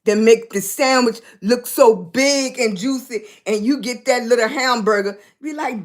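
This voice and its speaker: An older woman with a fairly high voice hosts a casual livestream, talking at normal speed with few pauses. She chats with viewers, thanks them by name, and speaks in a folksy Southern style.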